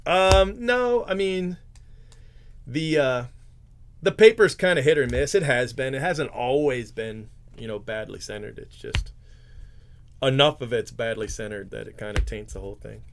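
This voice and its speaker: A man's voice: mid-range voice, normal speed, gravelly, slight background noise. A man hosting a live card break, chatting casually, joking and tripping over his words as he reads out player names. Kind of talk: casual live-stream chat.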